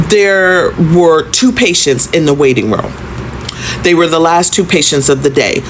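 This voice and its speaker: A woman in her fifties, a content creator, tells a storytime vlog conversationally and emphatically, often stopping to ask the viewer questions. Her voice is low-pitched, and the poor audio carries a slight hiss or hum.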